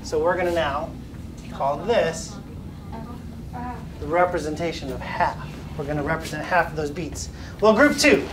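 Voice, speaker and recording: A man's voice: a little high, moderate pace, pauses often. A man leads a children's music lesson with an upbeat, patient manner, chanting simple rhythms and inviting the class to echo them. He is picked up by a camera across an echoey classroom, sounding distant, with a faint murmur of room noise. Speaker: elementary music teacher. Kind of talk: classroom lesson with call and response.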